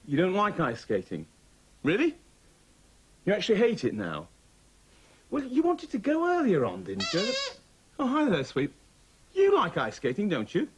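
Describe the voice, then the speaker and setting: A man's voice: on the high side, slightly rough. A man hosting a children's TV comedy, talking to puppets in a mock-stern, theatrical way. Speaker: children's TV host.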